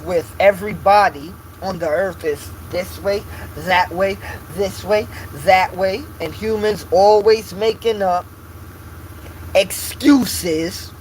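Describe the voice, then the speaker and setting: A man with a fairly high voice delivers a casual, confrontational rant. He hammers his points in street slang and repeats lines for emphasis. Faint vehicle noise hums in the background. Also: rough recording.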